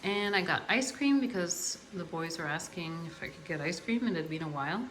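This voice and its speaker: A middle-aged woman hosts a casual grocery haul vlog, chatting in an unhurried way with many ums and uhs. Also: lowish voice, lively intonation, a bit bright, a little hiss or hum. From Canada. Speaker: host.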